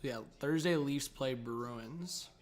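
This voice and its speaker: A man's voice: medium pitch, slow. A young man hosting a live hockey reaction stream, chatting casually and reading viewer messages aloud.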